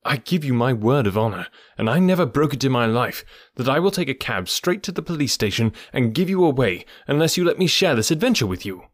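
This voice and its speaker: A man's voice: medium pitch, sing-song, brisk, hardly any pauses, dry recording, studio quality. A man reading the part of an earnest, loyal male doctor in an audiobook, raising his voice in an anxious, protesting way. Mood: insistent.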